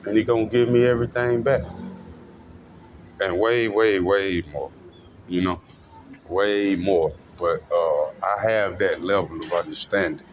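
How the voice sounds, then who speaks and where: A man delivering a profane ranting monologue, his voice jumping between low mutters and sudden high outbursts, with a faint hum of traffic behind. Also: steady tone, unhurried, pauses often. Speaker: self-styled preacher vlogger.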